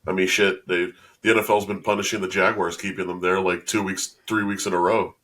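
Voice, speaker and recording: Male co-host, lower voice, casual rambling talker, filler-heavy. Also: level tone, fairly quick, fairly bright tone. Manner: chatty, hedging with lots of "like" and restarts. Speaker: podcast co-host. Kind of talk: casual sports chat.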